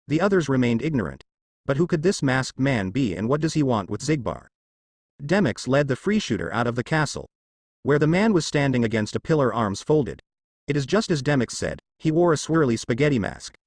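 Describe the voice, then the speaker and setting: A man reading fan fiction aloud as narrator in a steady storytelling way. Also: mid-range voice, a little fast, no echo, clean studio sound.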